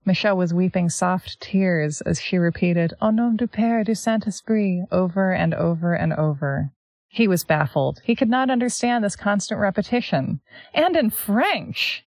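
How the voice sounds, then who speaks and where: This podcast co-host is a Canadian woman whose fairly low voice moves at a moderate pace in a recording with no echo. Chatting casually, she reads passages out loud and adds sarcastic comments. Her manner is animated, often breaking into laughter.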